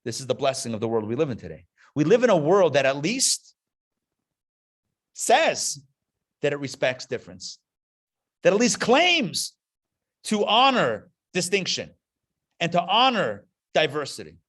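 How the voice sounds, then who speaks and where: A rabbi teaches a class before a live audience, lecturing passionately and hammering home key phrases through emphatic repetition. His voice is on the high side, a bit bright and sing-song. He speaks a little slowly, with long pauses.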